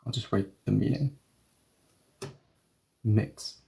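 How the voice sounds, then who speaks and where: A man teaching a grammar lesson, explaining patiently step by step and repeating example sentences slowly. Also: on the low side, steady tone, gravelly, warm tone. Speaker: Korean language teacher.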